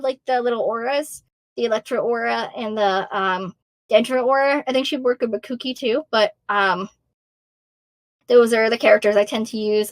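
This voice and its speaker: A woman in her thirties from Massachusetts, a voice actor answering fan questions in a bubbly, self-deprecating way, with a high-pitched voice that is going hoarse from so much talking. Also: fairly bright tone, dry recording. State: losing her voice. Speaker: voice actor guest. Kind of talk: casual Q&A answers.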